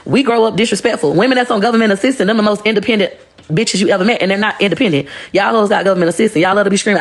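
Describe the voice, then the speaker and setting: Blunt, profane woman with a gravelly voice. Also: medium pitch, rapid-fire. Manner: blunt, profane, animated storytelling. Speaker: livestreamer. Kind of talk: casual livestream monologue.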